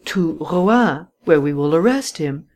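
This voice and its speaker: Woman doing a matter-of-fact police commissary, measured, fairly low voice, lively intonation. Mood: confident. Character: calm, dry male police commissary.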